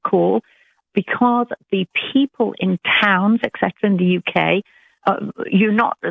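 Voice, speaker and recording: Gravelly British woman on a phone line. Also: mid-range voice, no room sound. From Britain. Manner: earnest, halting, with many restarts. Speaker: caller. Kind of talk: call-in radio conversation.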